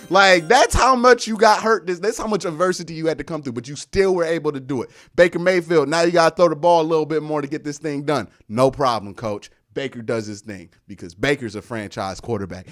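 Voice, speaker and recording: A young man hosting a live sports stream, boasting and trash-talking the rival team while he thanks viewers for their messages. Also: on the high side. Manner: boastful trash talk with shouts and laughs, reads out viewer messages. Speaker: sports show host.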